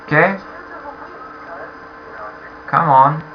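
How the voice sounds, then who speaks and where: Slow, patient male English teacher. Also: fairly high pitch, dull audio, slight background noise. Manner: slow, patient, repeats questions and waits for answers. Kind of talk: online class for beginners.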